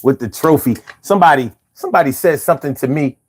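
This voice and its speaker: A man with a husky, fairly high voice talks fast and animatedly as he hosts a casual livestream and reads the chat aloud. His chatter with viewers is profane, slangy and wandering, full of repetition, backed by faint music and his own bongos.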